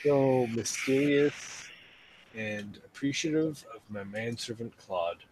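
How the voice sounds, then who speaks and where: A man reading out party game cards to friends in a dramatic voice, often breaking up laughing, with a husky tone. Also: medium pitch, slow pace, darkish tone. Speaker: card reader in a party game. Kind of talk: casual chat among friends.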